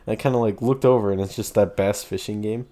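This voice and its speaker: A man's voice: lowish voice, steady tone, fast, dark tone. A young man co-hosting a podcast, telling rambling stories in casual chat with lots of fillers and laughter. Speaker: podcast co-host.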